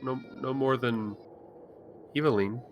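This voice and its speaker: A man's voice: mid-range voice, fairly even intonation, measured pace, lo-fi sound, over music. A man playing his character at a tabletop game, hesitant and wry, with lots of fillers. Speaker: player.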